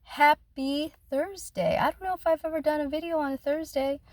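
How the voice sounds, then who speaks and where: A woman's voice: sits high, steady tone, fast, a little mellow, dry recording, poor audio. A woman vlogging casually about her faith, rambling and heartfelt, speaking straight to her viewers from a parked car outdoors. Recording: outdoor traffic noise. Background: car and street noise.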